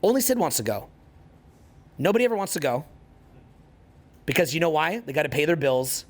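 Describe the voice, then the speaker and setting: Man, 40s, motivational coach; slightly raised pitch, profane and relentless, repeats himself for emphasis. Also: sing-song, a little fast. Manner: profane, intense and emphatic, hammering points through repetition. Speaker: social skills coach. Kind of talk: motivational talk to an audience.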